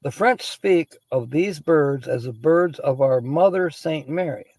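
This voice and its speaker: Man, livestream host, raspy gravelly voice, mellow tone, chatty, laughs a lot. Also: a little high, unhurried, no echo, poor audio. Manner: chatty, laughs often, greets viewers by name. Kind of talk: casual chat, reading word origins aloud.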